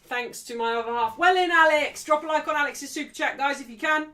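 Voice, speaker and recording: A woman hosting a football watchalong stream, calling the play, cheering loudly and joking brashly with her live chat. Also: sits high, fast talker. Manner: excitable, shouting cheers at big moments. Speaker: livestream host.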